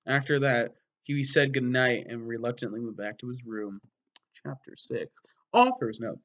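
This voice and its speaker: A man giving a mock-dramatic reading of a story, breaking off for wry, deadpan sarcastic asides. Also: medium pitch, moderate pace, lo-fi sound. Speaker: comedic reader.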